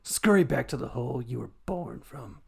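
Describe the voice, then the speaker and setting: A man voicing a snooty, haughty angelic sin in a drawn-out, pompous voice that drifts toward a mock German accent. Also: medium pitch, lively intonation, creaky, a little mellow, breathy edge, full character voice.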